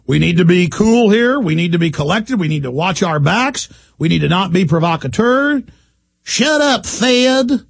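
A man's voice: sits high, animated, moderate pace, gravelly, breathy edge, no room sound. A man hosting a talk radio show, delivering an emphatic, repetitive rant. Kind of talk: heated talk-radio monologue.

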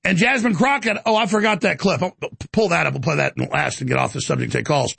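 A man's voice: a little high, fast, creaky, fairly bright tone, slightly rough, no echo. A man hosting a live call-in talk show, ranting about politics in a rambling way with stammering restarts. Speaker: talk show host taking calls.

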